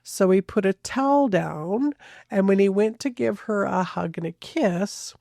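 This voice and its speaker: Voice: medium pitch, measured pace, creaky, a little mellow, dry recording, studio quality. A true crime podcast host narrating a case in a casual, conversational way, hedging often and restarting sentences.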